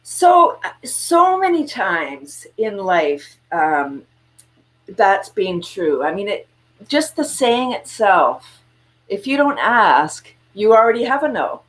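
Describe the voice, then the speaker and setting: She has a mid-range voice and talks slowly. As a guest entrepreneur on a video call, she keeps the interview casual, animatedly telling stories and acting out quotes with laughs.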